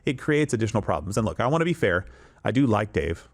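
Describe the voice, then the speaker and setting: A male host talking through political commentary with emphatic, often sarcastic delivery. His pitch moves a lot, rising and falling as he makes his points. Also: very animated, fast talker.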